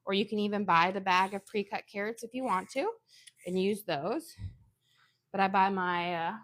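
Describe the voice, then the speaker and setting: A woman's voice: medium pitch, normal speed, fairly bright tone. A woman in her home kitchen, chatting casually while she demonstrates a recipe step by step and drifts into family stories. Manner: chatty, instructional, sidetracked into anecdotes. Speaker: home cooking vlogger.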